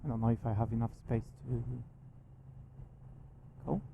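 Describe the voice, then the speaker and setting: A young man giving casual, excitable commentary while driving, swearing freely and talking at other drivers. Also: medium pitch, normal speed, creaky, narrow, tinny audio, a little hiss or hum. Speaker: vlogger driving. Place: inside a car on mountain roads.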